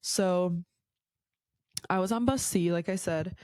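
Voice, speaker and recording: A woman's voice: fairly low pitch, slow pace, a little mellow, clear, resonant tone, dry recording. A woman hosting her own podcast, telling stories casually, full of "like" and swearing. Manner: chatty, swears a lot, says "like" constantly. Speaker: podcast host. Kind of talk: casual storytelling.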